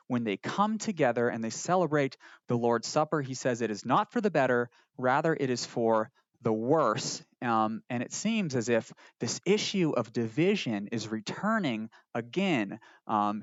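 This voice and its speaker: A man's voice: mid-range voice, no echo. A man teaching a Bible lesson in a casual, conversational way, with frequent ums and restarts, now and then acting out quoted lines. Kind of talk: recorded Bible lesson walking through a text. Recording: dull lo-fi dry recording.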